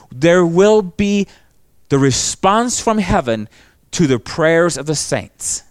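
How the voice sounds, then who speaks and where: Earnest preacher man, higher voice. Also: no room sound. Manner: earnest, emphatic preaching with dramatic scripture reading. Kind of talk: sermon.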